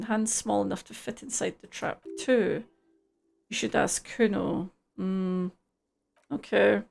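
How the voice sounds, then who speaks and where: A woman's voice: on the high side, vocal fry, darkish tone. A woman streamer reading video game dialogue aloud, with dry, wry asides.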